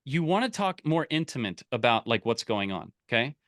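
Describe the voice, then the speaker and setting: A man coaching a live online group, energetic and full of restarts and repeated words. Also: medium pitch, fairly quick, no room sound, studio quality. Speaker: business coach.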